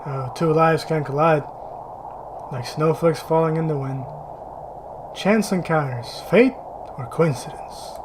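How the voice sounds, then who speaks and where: A tired, bitter young woman survivor from a video game, quiet and flat, her words drawn out slowly, as a man reads her lines aloud in a fairly high voice. The recording carries a steady background noise. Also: lightly acted. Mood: weary. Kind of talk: reading game dialogue aloud.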